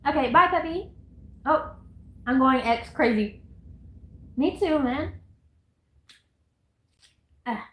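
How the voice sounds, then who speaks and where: Woman streamer, high voice, chatty and giggly, echoey room. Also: expressive, takes it slowly, long pauses, sharp tone. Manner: rambling, giggly, talks to chat and herself. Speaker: livestreamer. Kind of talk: casual live-stream chatter. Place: at home, indoors.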